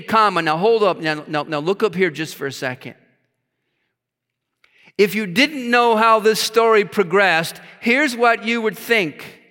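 A man's voice: high voice, takes it slowly, long pauses, sharp tone, smooth. A man preaching a sermon, reading scripture aloud and stopping to stress words with his own asides. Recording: long hall reverb.

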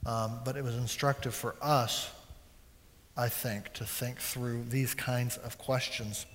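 Measured man in a reverberant hall. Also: medium pitch, little pitch movement, fairly bright tone. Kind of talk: panel discussion.

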